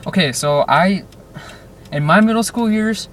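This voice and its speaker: Stuck in traffic, a young man vlogs in a loose, rambling way, constantly interrupting himself and leaning on fillers. He has a high-pitched voice and a measured pace, picked up from a distance inside the car amid road noise.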